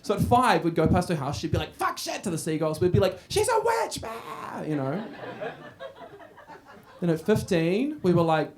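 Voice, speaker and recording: Brash high-voiced man doing stand-up. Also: moderate pace, pauses often. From Australia. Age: 30s. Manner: brash, crowd-teasing, swears freely, breaks into laughter. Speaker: stand-up comedian. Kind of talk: stand-up set. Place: comedy club stage.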